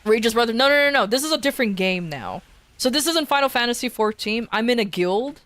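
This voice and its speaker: A woman's voice: on the high side, animated, brisk, a bit bright, dry recording. A woman streamer telling a rambling story in a casual chat, swearing and restarting often.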